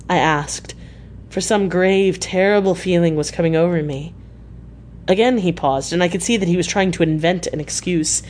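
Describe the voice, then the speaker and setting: A woman reading a classic novel aloud as scripted narration, in a measured, even way. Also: lowish voice, a little hiss or hum. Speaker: audiobook reader.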